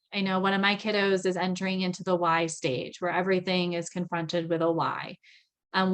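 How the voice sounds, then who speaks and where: A woman's voice: lowish voice, a bit bright. A woman in her thirties presenting a parenting skills lesson in a conversational tone, often adding tag questions. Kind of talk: recorded training lecture.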